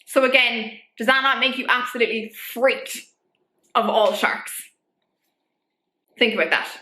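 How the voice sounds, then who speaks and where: High, bright young woman vlogging. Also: measured pace. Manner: animated, rhetorical, filler-heavy. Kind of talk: opinion vlog. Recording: echoey room.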